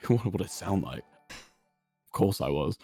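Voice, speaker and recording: A man on a livestream reading confessions aloud and judging them bluntly, with a deadpan delivery. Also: low-pitched, slow pace, slightly rough, no room sound, studio quality, faint music behind. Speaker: guest co-streamer.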